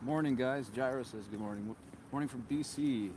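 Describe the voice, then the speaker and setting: A man's voice: mid-range voice, brisk, background noise. A man hosting a walking livestream outdoors on a cold street, chatting casually with a handheld mic, a little out of breath and reading viewer comments aloud. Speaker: livestream host. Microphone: handheld microphone.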